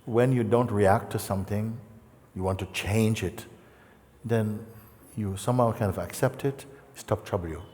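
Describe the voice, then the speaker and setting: A man giving a gentle, conversational spiritual talk in a large hall, acting out the people he quotes. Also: on the low side, moderate pace. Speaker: spiritual teacher. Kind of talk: satsang talk. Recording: reverberant hall.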